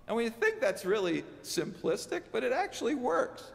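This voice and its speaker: Male pastor, sermon, chatty asides to the pews, gravelly, long church echo. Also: extremely high pitch, big pitch swings, moderate pace, hardly any pauses, a bit bright. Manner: conversational preaching with asides to the congregation. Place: church sanctuary.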